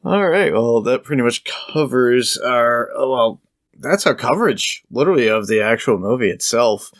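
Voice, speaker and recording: A man's voice: medium pitch, animated, moderate pace, dry recording, studio quality. A man co-hosting a podcast in casual chat. He is easygoing, laughs often and paraphrases scenes loosely. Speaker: podcast co-host.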